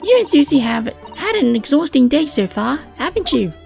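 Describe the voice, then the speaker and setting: A bright, eager young girl, put on by a man reading game lines aloud. The voice sits well above a man's usual range with a gravelly, fried edge. She chatters warmly and fondly, with faint music behind. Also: very high voice, very animated, normal speed, voice pushed up, exaggerated voice. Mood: cheerful. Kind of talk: reading game dialogue aloud on a live stream.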